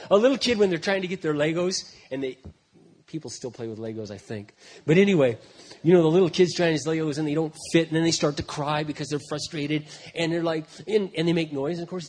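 A man in his fifties delivers a sermon with a raspy, high-set voice. His pitch leaps around constantly as he moves between casual asides and forceful, emphatic preaching. He often restarts his sentences mid-thought. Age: 50s. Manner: swings from quiet asides to loud emphatic preaching; conversational, with repeated restarts. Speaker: pastor.

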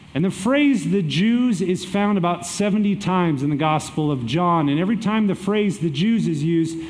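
A man preaching a sermon as pastor, energetic and emphatic, reading and explaining scripture. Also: high-pitched.

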